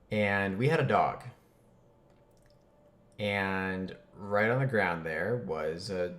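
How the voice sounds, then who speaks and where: Man, low-pitched voice, casual comic storytelling, chatty, animated, mock outrage.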